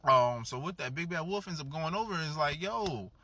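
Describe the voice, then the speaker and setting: A man casually telling a comedic story at home, profane and slangy, acting out the characters' lines with big jumps in pitch. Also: quick pace, sharp tone, a little hiss or hum. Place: home with a dog in the back.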